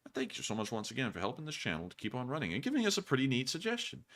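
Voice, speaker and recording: A man with a bright, forceful voice hosts a casual live stream. He jokes constantly, laughs a lot and repeats his own phrases with loose, playful energy. He speaks at an ordinary middle pitch. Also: huge pitch swings, very fast. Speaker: show host reading viewer messages.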